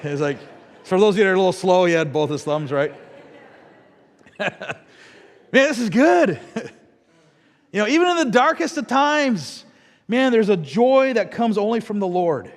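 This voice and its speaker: A middle-aged man from the American Midwest, preaching a sermon with lively storytelling and asides to the congregation. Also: high voice, moderate pace, pauses often, big-room sound. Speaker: pastor. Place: church sanctuary.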